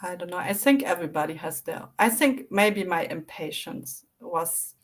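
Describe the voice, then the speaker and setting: A woman guest in a casual interview, reflective and animated as she tells her recovery story. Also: fairly low pitch, normal speed.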